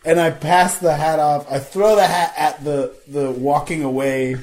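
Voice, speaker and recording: Easygoing man at the game table, slightly high voice, a bit halting. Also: steady tone, a little mellow, poor audio. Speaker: player. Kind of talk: casual tabletop play.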